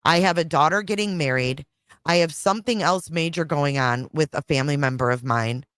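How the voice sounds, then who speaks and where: A middle-aged woman hosts a casual livestream chat, frustrated and rambling, repeating herself and swearing. Her voice is low-pitched, brisk and fairly bright, captured at studio quality with no echo.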